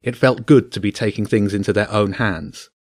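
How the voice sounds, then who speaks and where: A man narrating a children's adventure story aloud in a steady, measured way. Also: fairly low pitch, dry recording, studio quality.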